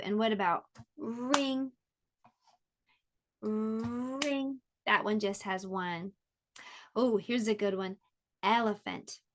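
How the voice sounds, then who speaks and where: A woman teaching an online pre-K lesson, speaking gently and encouragingly and sounding words out clearly for young children. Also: mid-range voice, slight background noise.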